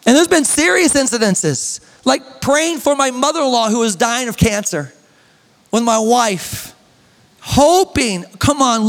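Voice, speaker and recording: A young man preaching a sermon as a pastor, with an emphatic, drawn-out delivery, sudden shouts and joking asides. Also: very high-pitched. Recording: echoey church hall reverb.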